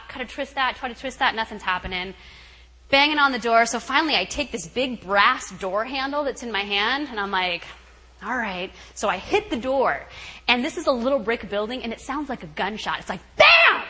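A young woman as guest speaker telling a story, animated, acting out her own thoughts with shouts and laughs. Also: high-pitched. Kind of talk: storytelling talk. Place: camp meeting hall. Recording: long hall reverb, faint ambience.

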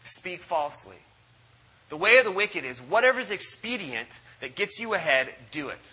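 Husky, bright-voiced preacher man. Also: moderate pace, poor audio. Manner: animated, acts out quoted voices with big pitch jumps. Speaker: pastor. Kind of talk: sermon. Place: church service.

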